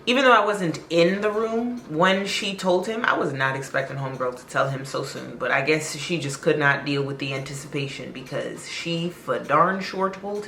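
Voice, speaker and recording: Woman doing a storytime vlog, low bright voice, chatty and dramatic, echoey room. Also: a little hiss or hum. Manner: chatty, expressive, drawn-out emphasis.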